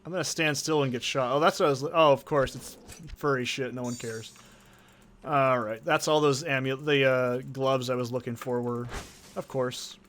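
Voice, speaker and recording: A man's voice: mid-range voice, fairly even intonation, moderate pace, fairly bright tone. A man hosting a game let's play, chatting casually in a rambling, profane, joking way. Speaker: gaming channel host.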